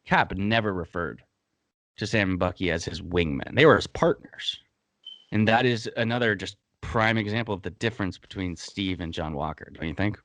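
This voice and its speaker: A man with a low-pitched, slightly bright voice hosts a casual podcast, breaking down a TV episode in a heated, blunt way and swearing freely. He talks at normal speed, and there's no room sound.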